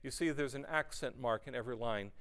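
A man leading a group class on chanting psalms, talking them through the lines in a relaxed, encouraging way. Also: mid-range voice, fast. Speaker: music leader teaching psalm singing. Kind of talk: teaching a group to chant psalms, speaking and singing. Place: room with a group of singers.

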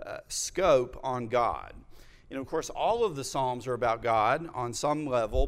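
A man in his thirties preaching a sermon as pastor, measured and reflective, telling personal stories. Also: mid-range voice, smooth. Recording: long reverb of a large hall.

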